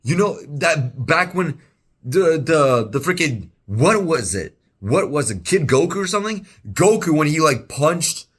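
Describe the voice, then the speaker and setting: A young man giving casual reaction commentary, excitable and rambling, with slangy exclamations, recorded on an earbud mic. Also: fairly high pitch, measured pace, breathy edge. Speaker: reaction video host. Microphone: wireless earbud mic.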